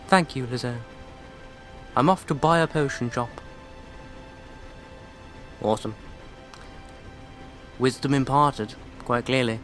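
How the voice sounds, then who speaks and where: A man's voice: medium pitch, slow pace, pauses often, fairly bright tone, faint music behind. Sarcastic male game commentator. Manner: sarcastic, irreverent, mocking asides. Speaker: let's play commentator. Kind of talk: casual gameplay commentary.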